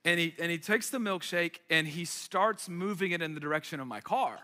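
A man preaching in a storytelling way, animated and shifting between quiet asides and loud outbursts. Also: a little high, fairly quick, few pauses. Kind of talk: storytelling sermon. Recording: echoey hall with long reverb.

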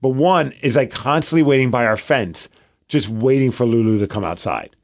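A man's voice: mid-range voice, moderate pace. A man co-hosting a podcast, telling rambling stories in casual chat with lots of filler words. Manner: rambling storyteller, animated, many "like" fillers. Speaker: podcast co-host.

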